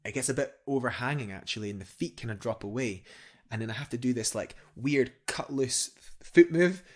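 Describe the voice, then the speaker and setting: A man's voice: medium pitch, a little fast, a little mellow. A young man, a guest climber, telling a story eagerly in a casual interview, rambling with fillers and restarts.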